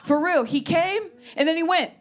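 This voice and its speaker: A woman comedian with a high voice delivers a stand-up set. Her storytelling is brash and animated. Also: normal speed, heavy background noise.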